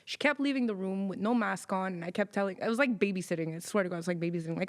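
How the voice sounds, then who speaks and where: A woman's voice: medium pitch, rapid-fire. A young adult woman co-hosting a podcast, telling work stories in casual chat, swearing freely and acting out the people she quotes. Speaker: podcast co-host.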